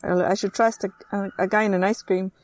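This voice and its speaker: A woman's voice: mid-range voice, fairly quick, no room sound. A woman from Chile, telling a childhood story in casual chat and acting out the people in it. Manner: animated storyteller acting out quoted voices. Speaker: host.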